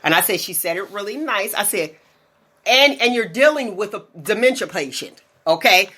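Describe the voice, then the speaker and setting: A woman in her forties telling stories in casual chat as a podcast host, animated and often laughing. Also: mid-range voice, moderate pace, breathy edge. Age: 40s.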